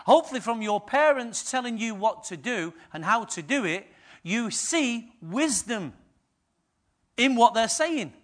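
A middle-aged man preaching a sermon as pastor, telling stories lively and swinging from hushed asides to loud bursts. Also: very high-pitched.

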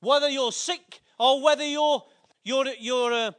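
A man, preaching a sermon with animated storytelling that builds to shouts. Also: extremely high pitch, measured pace.

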